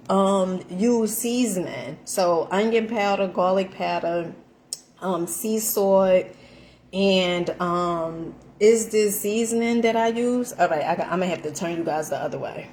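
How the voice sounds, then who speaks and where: A woman chatting through a casual home cooking vlog, animated and full of fillers, calling her viewers honey. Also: fairly low pitch, a little hiss or hum. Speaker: vlogger. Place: home kitchen.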